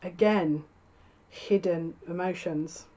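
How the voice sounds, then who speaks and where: A woman's voice: on the low side, slow pace, warm tone, muffled recording. A woman giving a tarot reading to camera, musing and thinking aloud with frequent restarts. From United Kingdom. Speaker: tarot reader.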